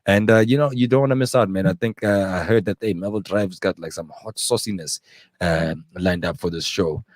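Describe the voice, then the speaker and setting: A man's voice: sits low, brisk, no echo, clean studio sound. A young South African man hosting a radio show, chatting casually and rambling with lots of fillers. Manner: laid-back, rambling with fillers.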